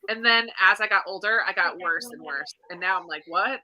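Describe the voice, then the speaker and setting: A woman's voice: fairly low pitch, a little fast, a crowd in the background. A woman hosting a casual, chatty live stream over a video call, giggling between remarks. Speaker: booktube host.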